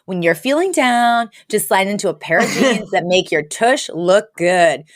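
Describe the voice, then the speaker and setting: A woman's voice: mid-range voice, lively intonation, measured pace, dry recording, clean studio sound, close to an everyday voice. A woman voicing a ditzy young woman giving bubbly, dim advice in a screen test. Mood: chirpy.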